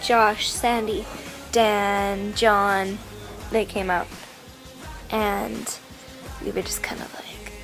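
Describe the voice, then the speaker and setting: A young woman telling an excited, rambling story to the camera, full of "like" and acted-out quotes of herself. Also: on the high side. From Canada. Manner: gushing, filler-heavy, quoting herself. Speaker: vlogger.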